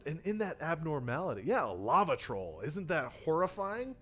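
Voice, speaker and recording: Lively man teaching horror game writing. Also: a little high, moderate pace, soft background music. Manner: animated, often acting out players' reactions; loose and conversational, with many fillers and restarts. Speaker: tabletop game design teacher. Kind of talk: livestreamed workshop talk.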